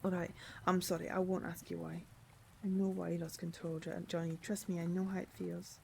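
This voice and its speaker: A woman reading game dialogue aloud, voicing a weary male detective who talks in a soft, steady, coaxing way. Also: on the low side, a little fast, creaky, a little hiss or hum, pitched below the performer's own voice. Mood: soothing.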